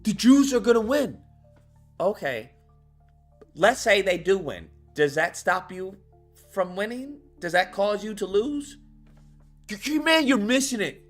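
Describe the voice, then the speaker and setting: A man delivers a blunt, profane commentary rant on his channel. His pitch swings widely as he pushes his points. The tone is bright, and faint music plays under him. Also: expressive, measured pace. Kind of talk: ranting commentary monologue.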